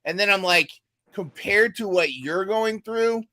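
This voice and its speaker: A man's voice: high voice, measured pace, pushed and bright. A man hosting a podcast interview, supportive, often repeating words as he starts a thought. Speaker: podcast host.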